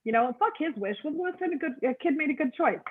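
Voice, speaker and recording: A woman's voice: sits high, lively intonation, fast talker. A middle-aged woman doing a stand-up comedy set over a video call, with a crude, offhand delivery. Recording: tinny phone-like video call audio.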